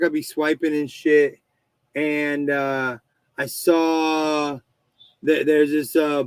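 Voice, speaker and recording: Podcast host, male, thirties: loose, profane storyteller, slightly high voice, dry close mic. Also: smooth, no echo, rough recording. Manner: rambling, swearing storyteller with many restarts. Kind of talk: casual chat.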